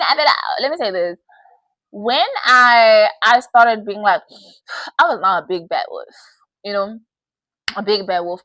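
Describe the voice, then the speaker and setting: A young woman hosts a casual advice chat, candid and animated, laughing often. Her voice is bright and forward, recorded dry and close with no room sound. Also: mid-range voice, dry recording, poor audio. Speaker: podcast host.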